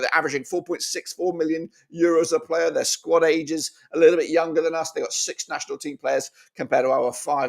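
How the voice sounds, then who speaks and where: A man's voice: a little high, creaky. A man hosting a casual football match preview, chatty and exclamatory, talking to his viewers as guys. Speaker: football fan channel host.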